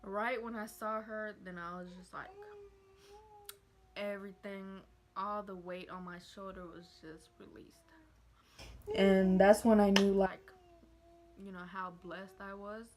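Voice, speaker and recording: Young woman vlogger, casual story time, emotional and rambling with many fillers, middle pitch. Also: flat delivery, slow, pauses often, darkish tone, low-quality recording. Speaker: vlogger telling her birth story.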